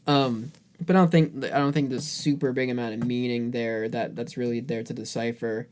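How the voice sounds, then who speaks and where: A man co-hosting a music podcast in relaxed chat. He rambles, piles on fillers and restarts his sentences, and he speaks at an ordinary middle pitch. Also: moderate pace, slight background noise. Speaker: podcast co-host.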